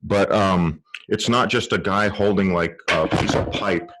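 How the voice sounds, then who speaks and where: Low-voiced man teaching a film class. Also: a bit bright. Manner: explains by live demonstration, halting restarts. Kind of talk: online class lesson. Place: room with a cluttered table. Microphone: directional microphone.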